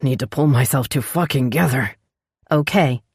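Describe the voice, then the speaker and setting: A woman's voice: a bass voice, normal speed, slightly rough, no echo, studio quality, exaggerated voice. A woman reading the lines of a protective male vampire king who talks in a growling, commanding way. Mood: frantic.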